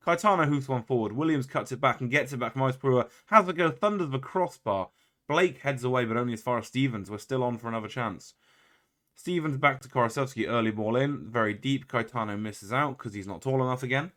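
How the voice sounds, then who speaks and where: A man's voice: medium pitch, a bit bright. Wry man commentating his game. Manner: wry, exasperated play-by-play with self-mocking asides. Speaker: video game player and commentator. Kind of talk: casual gameplay commentary.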